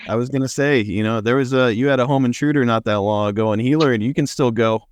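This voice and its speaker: Male podcast host, easygoing, mid-pitched, keeps the questions short. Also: fast talker, no room sound. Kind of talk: casual interview.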